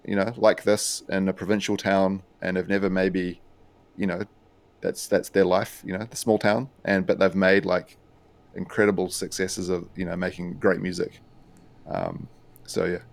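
This New Zealand music producer and DJ has a low, gravelly voice and speaks at normal speed. Appearing as a podcast guest, he chats casually and rambles along in a relaxed way, using lots of fillers.

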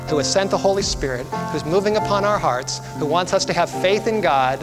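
A male preacher leading a prophecy seminar, telling a story with fervent, rhythmic repetition and calls of amen and hallelujah. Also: on the high side. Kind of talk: evangelistic sermon with storytelling. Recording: echoey hall, faint music.

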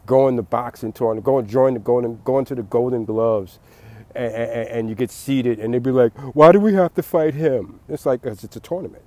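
A man's voice: medium pitch, fairly even intonation, moderate pace, mellow, dry recording. A man giving a late-night rambling monologue, repeating words and laughing at his own jokes.

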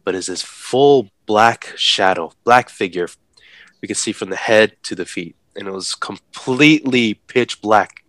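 A man telling a story in a relaxed, animated way, acting out the people in it and laughing as he talks. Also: fairly low pitch, measured pace, no room sound. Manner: animated, acts out the voices of people in his story; laughs while talking. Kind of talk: casual storytelling.

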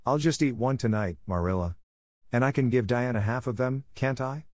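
A man voicing an excitable, chatty orphan girl who gushes eagerly and breathlessly. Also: mid-range voice, moderate pace, dry recording, studio quality, pitched above the performer's own voice, close to an everyday voice. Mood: gushing.

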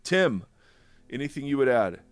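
A man hosting a podcast, chatting casually and joking, with frequent quick restarts. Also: mid-range voice, sing-song, clean tone, soft background music. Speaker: podcast host.

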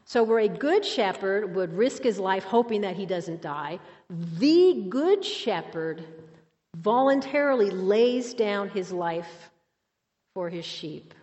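A woman's voice: medium pitch, expressive, a little slow, a little mellow. Woman teaching a Bible lesson, echoing hall. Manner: emphatic, asks the listeners questions. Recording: dull, hall reverb.

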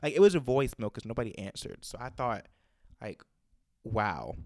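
A man hosting a casual chat, telling animated stories and acting out callers' lines. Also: medium pitch, normal speed, no echo, studio quality. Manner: animated storyteller, acts out callers' quotes. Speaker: podcast host.

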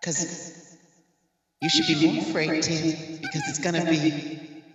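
A man voicing a slow, ominous male wrestling announcer, drawn out, with heavy reverb added. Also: fairly high pitch, little pitch movement, recorded from a distance. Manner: drawn-out, ominous, keeps repeating the host's name. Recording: echoey reverb with loud music. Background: loud music.

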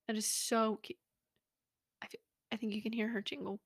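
A woman's voice: a little high, level tone, moderate pace, slightly rough, no echo. A young woman hosting a podcast, rambling in a casual, self-mocking way, recorded close in a small home studio. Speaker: podcast host. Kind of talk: casual chat.

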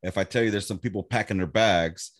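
A military veteran trading crude, blunt war stories in casual chat. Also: male voice, fairly low pitch, fairly quick. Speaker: military veteran, co-host chatting.

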